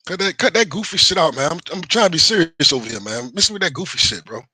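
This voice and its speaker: Male streamer, profane, repetitive rant, a bit higher pitch than usual. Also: very animated, fast, bright, forceful tone, breathy edge, dry recording, poor audio. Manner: heated, defensive, profane, repeats himself. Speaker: livestream host. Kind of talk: casual livestream rant to chat.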